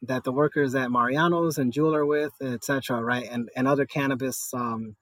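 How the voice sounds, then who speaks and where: An earnest man, speaking in an interview at a middle pitch. His voice is recorded close and dry, with no room sound. He talks with many fillers and often checks in with "right?". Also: fairly even intonation, fairly quick, fairly bright tone, dry recording. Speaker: guest, cannabis store worker organizing a union. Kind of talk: conversational interview.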